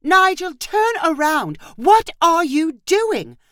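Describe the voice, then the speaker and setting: A fed-up British wife and mother, as a woman reader puts her on, pitched high and swinging from weary pleading to shrill scolding. Her voice leaps up and down as she argues, close and dry on the mic in a storybook reading. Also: big pitch swings, normal speed, no room sound. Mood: alarmed.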